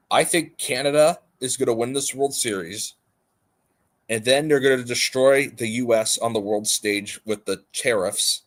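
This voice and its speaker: A man's voice: medium pitch, a little slow. Rambling male livestream host. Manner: rambling, emphatic, repeats himself. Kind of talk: casual stream chat.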